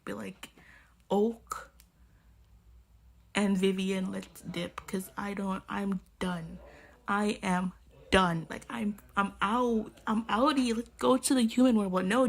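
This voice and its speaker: A woman's voice: mid-range voice, creaky. A young woman talking casually about a book she is reading, slangy and swearing freely as she rants. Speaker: book reviewer. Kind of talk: casual book review vlog.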